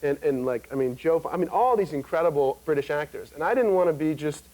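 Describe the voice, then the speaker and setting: A guest actor in his twenties, with a high-leaning voice, talks fast while telling animated, joking stories full of fillers. He's on a talk show in a TV studio before an audience, and the recording quality is low.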